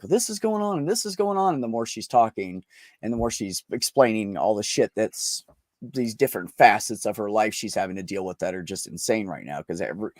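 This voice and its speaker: A man's voice: lowish voice, no echo, studio quality. A man candidly telling a personal story in casual conversation, blunt and emotional, swearing often. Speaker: podcast host.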